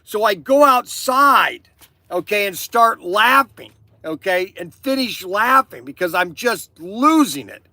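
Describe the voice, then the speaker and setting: An older man with a high, bright and forceful voice rambles on in a casual monologue. He is chatty and opinionated, breaks into laughter and keeps restarting his sentences. The sound is close and dry, with no room echo. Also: big pitch swings, takes it slowly. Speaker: toy shop owner and channel host. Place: inside his store.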